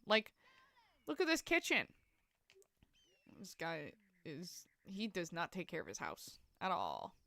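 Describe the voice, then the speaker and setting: A young woman streaming a life-sim game, talking to her chat with a bright, forceful tone. She rambles from one thought to the next and laughs easily. The recording is dry and close, with no room sound. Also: fairly low pitch, wildly swooping pitch, takes it slowly, pauses often, no room sound. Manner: rambling, chatty, laughs often. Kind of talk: casual live-stream chat.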